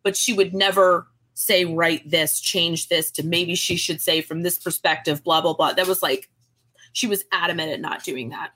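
A woman's voice: on the low side, moderate pace. A woman in her thirties, a guest author, chatting in an interview and acting out the people in her stories. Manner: animated storyteller, acts out quoted voices. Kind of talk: casual interview chat.

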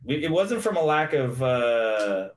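A man recounting old football stories with animated energy, voice pitched right in the middle. The recording carries a noticeable roomy echo around him. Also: slight background noise. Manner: animated, quick anecdotes. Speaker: podcast guest, former pro football receiver. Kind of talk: casual storytelling interview.

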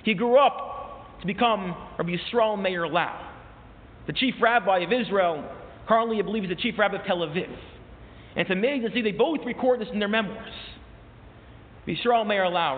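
A man preaching a sermon as a rabbi, impassioned, his voice rising sharply on repeated questions. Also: sits high. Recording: tinny, echoey hall recording.

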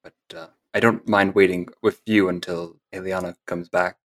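A man playing in a tabletop game, speaking calmly and politely in character. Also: sits low, moderate pace. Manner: calm, polite in-character talk. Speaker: player.

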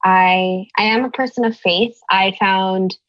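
A woman's voice: medium pitch, fairly even intonation, measured pace, no echo, lo-fi sound. A woman raised in the United States, speaking as an interview guest in an earnest, thoughtful way, searching for her words. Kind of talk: reflective conversation.

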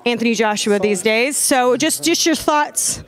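An American woman hosting a boxing podcast, chatty and quick to laugh at herself. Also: fairly high pitch. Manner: chatty, restarts often and laughs along. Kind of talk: casual chat.

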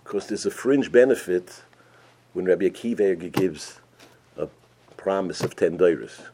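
A man telling a folk tale in a sermon, animated and full of Yiddish and Hebrew terms. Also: sits low, normal speed, a little hiss or hum. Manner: animated storyteller, acts out characters, sprinkles Yiddish and Hebrew terms. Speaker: rabbi teaching a weekly Torah portion. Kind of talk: storytelling sermon.

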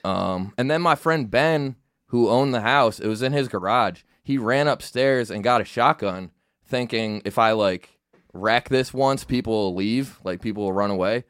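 A man's voice: fairly low pitch, moderate pace, fairly bright tone, smooth, dry recording, clean studio sound. A man guest comedian telling a long story on a casual podcast, with many fillers and restarts. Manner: rambling, filler-heavy storytelling.

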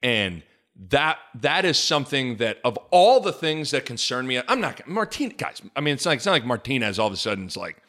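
Animated man hosting a sports podcast. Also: medium pitch, brisk. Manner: animated, rambling with restarts, jokey. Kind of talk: casual sports chat.

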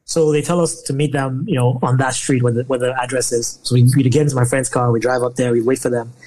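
In a casual podcast interview, a young Nigerian man tells a long story, animated and laughing often. He talks fast in a mid-range voice, and the recording is rough.

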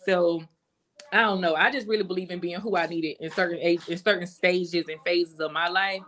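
A woman's voice: on the low side, fairly even intonation, normal speed, a bit bright, a little hiss or hum. A woman guest talking casually and earnestly on a podcast, reflective and full of slang.

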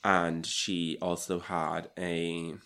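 A man's voice: sits low, level tone, drawn-out words, fairly bright tone, clear, resonant tone. A man co-hosting a podcast, recapping an event in a gushing, rambling casual chat. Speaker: podcast co-host.

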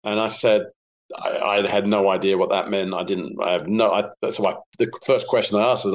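A man's voice: on the low side, moderate pace, rough recording. Middle-aged English-accented man, podcast guest, easygoing anecdotal delivery, filler words. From England. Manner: relaxed storytelling with many fillers. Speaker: guest, golf broadcaster. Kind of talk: casual podcast chat.

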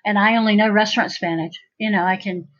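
A woman's voice: medium pitch, steady tone, fast talker, a bit bright. A woman in casual conversation, chatty and rambling, often restarting her sentences. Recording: dull lo-fi sound.

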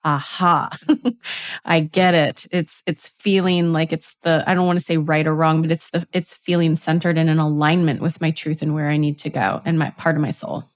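A woman with a somewhat low voice hosts a podcast in casual conversation, agreeing with her guest and laughing readily. Her voice is recorded close and dry. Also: steady tone, no room sound. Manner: warmly agreeing, quick to laugh. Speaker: podcast host.

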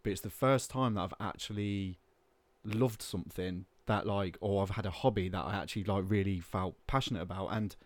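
A man's voice: fairly low pitch, a little fast, no room sound. A man, a podcast guest talking candidly and rambling, with plenty of filler words. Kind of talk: casual chat.

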